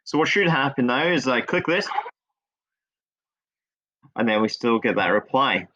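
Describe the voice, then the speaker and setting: In a dull lo-fi screen recording, a male instructor leads viewers through code one step at a time. He talks a little slowly at a medium pitch, keeping things casual and laughing off minor errors.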